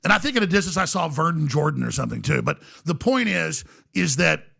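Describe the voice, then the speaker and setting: A man who is a podcast guest, telling a long story in an animated, rambling way. He restarts often and acts out the voices of other people. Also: fairly high pitch, quick pace, vocal fry, husky.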